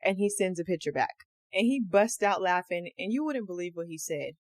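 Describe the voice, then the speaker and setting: A woman's voice: on the low side, fairly quick, dry recording. Slangy woman telling a true crime story. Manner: animated, slangy, acts out quotes. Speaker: podcast host.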